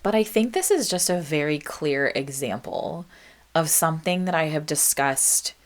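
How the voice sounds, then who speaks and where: A woman's voice: low voice, expressive, normal speed. A young adult woman hosting a solo podcast, chatting reflectively with many ums and likes and reading out her old song lyrics. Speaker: podcast host. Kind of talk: casual solo podcast monologue.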